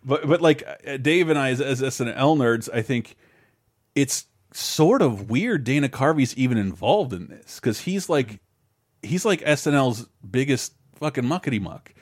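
A man's voice: medium pitch, expressive, normal speed, dry recording, clean studio sound. A man in his thirties talks loosely on a podcast, rambling through his points with frequent restarts. He swears casually and freely as he chats. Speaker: podcast co-host. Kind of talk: casual chat.

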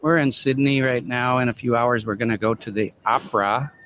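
A man's voice: medium pitch, steady tone, fairly quick, fairly bright tone, a little hiss or hum, low-quality recording. A man calling in to a radio show, telling a chatty story and grumbling as he goes. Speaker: caller. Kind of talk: phone-in chat.

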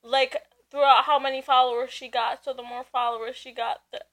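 A woman's voice: high-pitched, flat delivery, brisk, fairly bright tone. A young woman co-hosting a casual podcast, playful and upbeat. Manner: playful, upbeat, bursts of laughter. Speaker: podcast co-host. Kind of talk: casual chat.

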